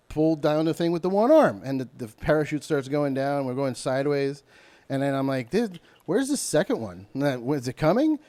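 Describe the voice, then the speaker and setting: A man with a fairly high voice tells a story on a podcast, loose and animated. He jumps into other people's voices and yells out parts of it as he goes. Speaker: podcast guest. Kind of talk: casual storytelling.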